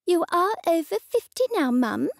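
A woman's voice: very high-pitched, very animated, moderate pace, creaky, no echo, studio quality, pitched above the performer's own voice, heavily acted. A woman doing a bossy, lecturing grown daughter. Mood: condescending. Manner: condescending, lecturing.

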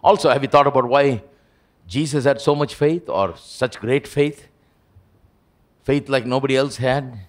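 A man preaching a live church sermon as pastor, acting out quotes with sudden jumps in pitch. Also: unhurried, long pauses. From India. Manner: animated, acts out quotes with big pitch jumps. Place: church service hall.

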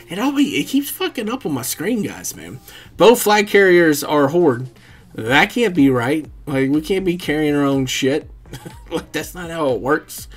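A man giving casual, rambling commentary over his own gameplay, swearing freely and chuckling often. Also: fairly high pitch. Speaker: gaming commentator.

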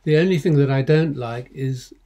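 A man's voice: medium pitch, normal speed, warm tone. An older man, a film director, telling loose, profane anecdotes in casual commentary, often breaking off and restarting. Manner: rambling, profane, self-interrupting.

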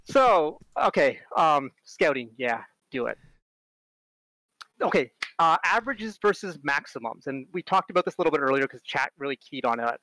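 A man speaking as a conference presenter, chatty and full of fillers. His voice sits a little high and turns animated when he tells stories. The recording is dry and close, with no room sound. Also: moderate pace, dry recording, low-quality recording. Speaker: conference speaker on robotics strategy. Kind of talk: casual talk with stories.

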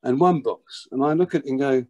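An older man, telling a childhood story as an interview guest, lively and full of restarts and repeated words. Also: mid-range voice, a little fast, highs cut off. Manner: animated, repeats words while acting out a story. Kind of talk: anecdotal storytelling.

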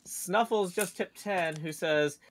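A man's voice: high-pitched, slow. A man chatting casually on a live stream, rambling through stories with many fillers and restarts. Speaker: co-host on a stream. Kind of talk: casual chat.

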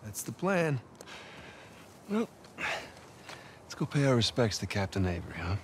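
An actor in his thirties playing a quick-witted male treasure hunter in a video game cutscene, in casual, relaxed banter. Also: medium pitch, noisy background.

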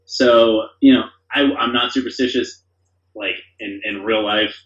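A man's voice: fairly low pitch, steady tone, a little slow, fairly bright tone. A man as a podcast guest, talking casually and enthusiastically, rambling with lots of fillers. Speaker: podcast guest, company founder. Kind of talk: casual conversation. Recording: dull, roomy sound.

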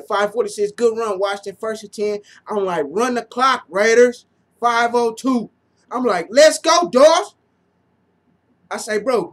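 A man talks through a football game as a fan, unhurried in pace but bursting into shouts. He leans on slang and says the same lines over and over. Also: high voice. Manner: animated, slangy, repeats himself, shouts often. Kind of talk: excited play-by-play fan commentary.

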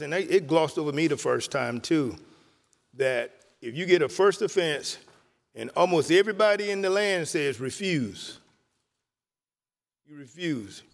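A man giving a speech on the floor of a legislative chamber as a state senator, halting, with many fillers and restarts. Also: a little high, vocal fry. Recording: long hall reverb.

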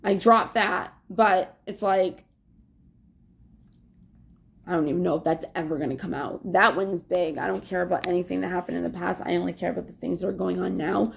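A woman's voice: fairly low pitch, fairly even intonation, fairly quick, creaky. A woman vlogger talking in a rambling, casual confessional way, with plenty of fillers and swearing.

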